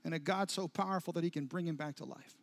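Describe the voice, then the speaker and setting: High-voiced man preaching a dramatic sermon. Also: quick pace, vocal fry. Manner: dramatic storytelling with sudden soft drops and rising intensity. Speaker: pastor.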